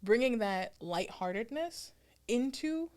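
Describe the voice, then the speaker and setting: A woman's voice: on the high side, animated, takes it slowly, a little mellow. A woman co-hosting a podcast in casual chat, thinking aloud in a reflective way with lots of filler words. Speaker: podcast co-host.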